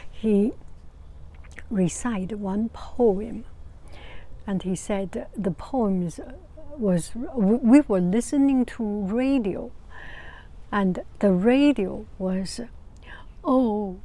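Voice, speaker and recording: Slow, mellow woman. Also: medium pitch. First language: Mandarin Chinese. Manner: halting, searching for words, breaks into soft laughter. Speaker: art teacher. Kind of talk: casual storytelling vlog.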